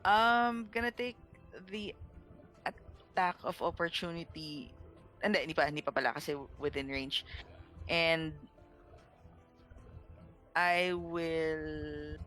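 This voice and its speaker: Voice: mid-range voice, slow, pauses often, pushed and bright, soft background music. A player with a Filipino accent in a tabletop game, thinking aloud about moves in a playful, casual way. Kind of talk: casual game chat mixing English and Tagalog.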